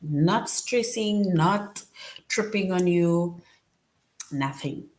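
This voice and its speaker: Patient woman teaching grammar, low voice. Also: drawn-out words, darkish tone. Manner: explains patiently, often checks with "right?". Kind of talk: online grammar lesson.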